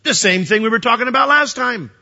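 A man preaching a sermon, animated, asking rhetorical questions and acting out dialogue. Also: very high voice, a little fast, vocal fry, highs cut off. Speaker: pastor.

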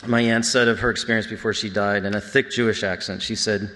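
An earnest man with a fairly low voice, giving a reflective personal testimony as a sermon. His voice rings out with the long reverb of a large hall. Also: fairly even intonation, brisk, pushed and bright. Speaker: church speaker.

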